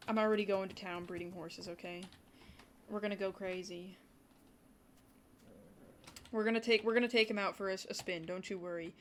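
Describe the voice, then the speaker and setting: A young woman chats loosely while streaming a game, rambling to her viewers and gushing over what she finds. Her voice sits at a middling pitch for a woman. Soft keyboard typing ticks faintly behind her. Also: slight background noise. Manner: chatty, rambling, talks to chat, gushes with excited gasps. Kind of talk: casual livestream commentary.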